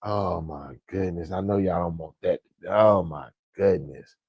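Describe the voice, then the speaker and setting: A man's voice: low-pitched, measured pace, vocal fry, a little mellow, slightly rough, no echo. A man delivering blunt, profane fan commentary, ranting emphatically. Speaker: sports commentator vlogger.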